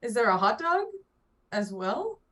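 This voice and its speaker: Woman guest, bit high voice, curious and playful in a comedy chat. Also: sing-song, a little slow, a bit bright, recorded from a distance.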